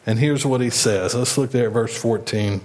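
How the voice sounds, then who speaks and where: A man's voice: medium pitch, moderate pace, a little mellow. A man preaching a sermon in a conversational way, retelling the story and acting out the speakers he quotes. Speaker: pastor.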